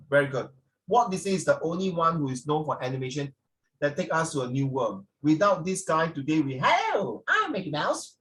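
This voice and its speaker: Teaching a class, a man whose voice is on the high side coaches with lively teasing and frequent switches into Mandarin phrases. He sounds a bit removed from the microphone.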